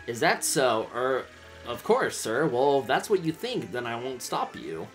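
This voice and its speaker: A man's voice: medium pitch, sing-song, a little slow, a bit bright, soft background music. Man voicing a ship sailor, polite male, nervous, courteous, game voice. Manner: courteous, fretful.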